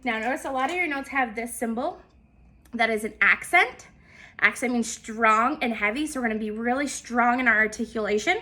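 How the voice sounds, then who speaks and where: Female music teacher, high bright voice, patient, counts beats aloud. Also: a little fast. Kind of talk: step-by-step instrument lesson.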